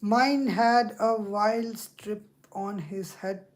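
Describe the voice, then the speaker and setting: A woman hosting a casual chat, speaking slowly and repeating words. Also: mid-range voice, fairly even intonation. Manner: slow, drawn-out speech with repeated words. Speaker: video host.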